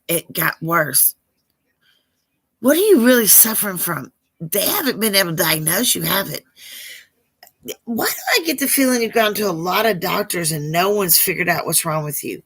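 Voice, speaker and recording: A woman's voice: on the low side, expressive, normal speed, a bit bright, husky. A woman hosting a live psychic Q&A stream, chatting casually with viewers and calling them baby. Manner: affectionate, calls viewers baby, struggles over names.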